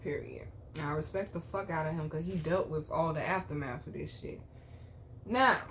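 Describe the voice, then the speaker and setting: A woman vlogger telling her own story to viewers, blunt and full of swearing, dropping to low murmurs and then bursting out loud. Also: a little hiss or hum. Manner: blunt, profane, animated storytelling. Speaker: spiritual reader and vlogger. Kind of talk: candid storytime chat to viewers.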